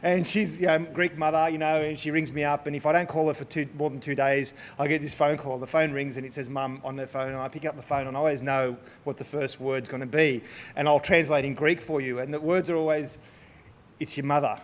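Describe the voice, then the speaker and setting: A man's voice: fairly high pitch, fairly quick, slight background noise. A man giving a humorous, self-deprecating conference talk on stage in a large hall, full of restarts and asides. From Australia. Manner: lively, joking, self-deprecating, many restarts. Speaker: conference speaker.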